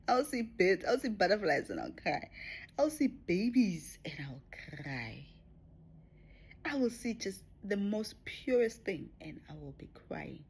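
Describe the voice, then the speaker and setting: A woman talking to camera about her spiritual experiences in a reflective way, often dropping to a soft whisper. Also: medium pitch, sing-song, slow, vocal fry, breathy edge. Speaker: spiritual vlogger. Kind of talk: personal spiritual talk to camera.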